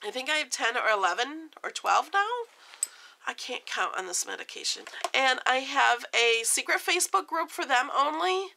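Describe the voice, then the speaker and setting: A woman's voice: sits high, animated, normal speed, gravelly, sharp tone. A woman vlogger chatting casually to the camera, rambling and scattered, jittery and overstimulated, laughing at herself as she goes. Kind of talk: casual vlog chat.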